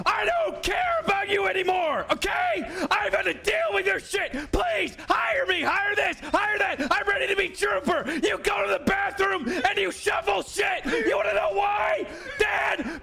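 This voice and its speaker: A furious police colonel, screams a nonstop, profane rant in a very high, shrill voice. The tone is bright and sharp, with a gravelly fry grinding through it. He never drops below a bellow. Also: full character voice. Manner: nonstop shouted rant, heavy swearing. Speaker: streamer. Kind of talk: impression in game role-play.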